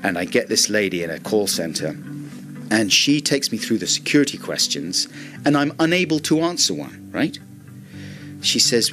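A middle-aged man telling comic anecdotes as a radio guest, acting out his own shouting. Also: fairly low pitch, sing-song, moderate pace, over music.

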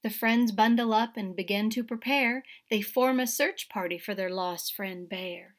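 A woman, a kindergarten teacher, reading a picture book aloud to young children, expressive and turning to a hush at the scary moments while asking her listeners questions. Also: mid-range voice, measured pace, few pauses.

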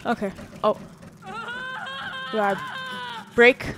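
A woman's voice: mid-range voice, fairly even intonation, slow pace, noisy background. A woman casually commenting as she plays a horror game, chatty and giggly, talking to the characters on screen. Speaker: gaming video host. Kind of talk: casual let's-play commentary.

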